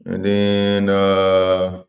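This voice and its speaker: A man's voice: low voice, monotone, extremely slow, gravelly. A man hosting a casual livestream, talking in slang and reading viewer comments aloud. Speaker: livestream host.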